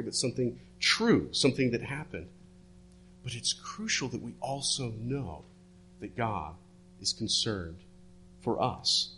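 A man preaching a sermon, retelling a story and dropping his voice low and soft for the quoted words. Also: slight background noise. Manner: storytelling, drops to hushed tones for quoted words.

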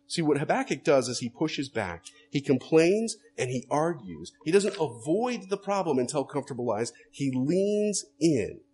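A man's voice: medium pitch, darkish tone, slight background noise. A man preaching a sermon as a pastor, earnest and direct, often putting rhetorical questions to his listeners.

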